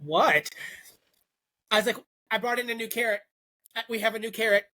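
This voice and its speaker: A young man co-hosting a casual podcast, telling a long story with a bright, clear voice. He jumps into the voices of the people he quotes and keeps the chat loose. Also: high-pitched, moderate pace. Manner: animated, acts out quoted voices. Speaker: podcast co-host.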